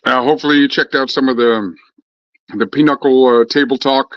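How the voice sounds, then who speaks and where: A man talks to his viewers in a loose, rambling chat, swearing freely and circling back with fillers and restarts. His voice sits at a middling pitch. The recording is dry and a little dull, like a lo-fi home setup. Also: steady tone, fairly quick, dry recording. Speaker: vlogger chatting with viewers.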